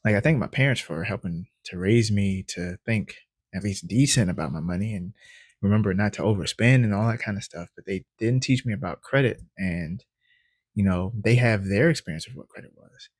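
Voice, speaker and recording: A man with a low, slightly husky voice tells a personal story straight to camera. He gets animated as he acts out his own past thoughts and often laughs. The sound is close and dry, with no room echo. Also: brisk. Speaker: credit educator vlogger.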